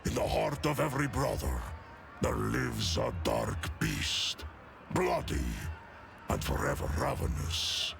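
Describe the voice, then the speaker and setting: A towering space-wolf warrior in a video game, his voice gravelly and booming. He tells his tales slowly and grandly, and his pitch rises and falls dramatically. Loud game music plays under his lines. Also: wildly swooping pitch, exaggerated voice. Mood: grim. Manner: slow, dramatic storytelling delivery with some shouted lines. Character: giant gruff male space-wolf warrior, proud.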